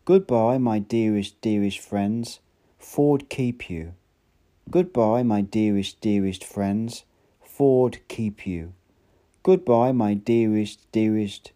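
A man voicing a tender, pleading synthetic baritone voice speaking from a machine. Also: very animated, moderate pace, warm tone.

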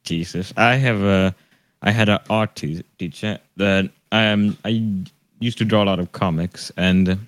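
A young man from Sweden co-hosts a casual podcast, speaking with some hesitation and laughing easily. His voice is on the low side. The sound is dry and close, with almost no room around it. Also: a little slow, dry recording. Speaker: podcast co-host. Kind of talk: casual chat, storytelling.

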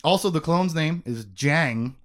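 A man hosting a casual book-discussion podcast, recapping the story with jokes and quick asides. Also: on the high side. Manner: animated, joking, quick asides. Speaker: podcast host.

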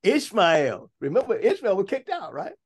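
A man's voice: huge pitch swings, normal speed, husky. A man preaching a sermon, reading scripture aloud and breaking off to comment and stress his points. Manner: bursts to high, loud emphasis at times.

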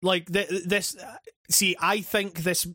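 A young man chats casually as a podcast co-host, his voice sitting high. He rambles, swears freely and laughs often, and the sound is dry with no room in it. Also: level tone, takes it slowly, sharp tone, no echo. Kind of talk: casual chat.

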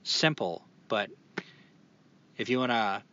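A podcast co-host with a fairly low, sharp-toned voice speaks slowly, first reading a reflective passage, then talking it over casually and thoughtfully with fillers and restarts. The recording sounds dull and lo-fi.

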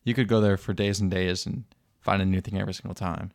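A man's voice: low voice, steady tone, fast talker, creaky, no echo, clean studio sound. A young American man co-hosting a podcast, telling stories in an enthusiastic, casual way. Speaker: podcast co-host. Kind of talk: casual chat.

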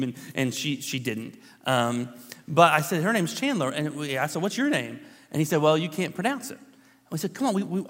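A man in his thirties, a pastor telling a personal story in a relaxed, conversational sermon with many fillers and restarts. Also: mid-range voice. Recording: long hall reverb.

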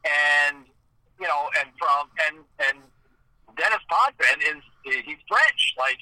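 A man's voice: a little high, slow, no room sound, rough recording. A man from Eastern Ontario, a hockey game commentator, telling stories in a casual chat, full of "like" and restarts. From Eastern Ontario, Canada. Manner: animated storytelling, many "like"s and restarts.

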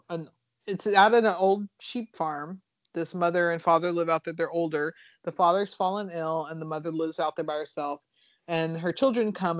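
A woman co-hosting a casual podcast, rambling through movie plots in an animated way, with fillers and the odd swear. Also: lowish voice, no echo. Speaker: podcast co-host reviewing horror films.

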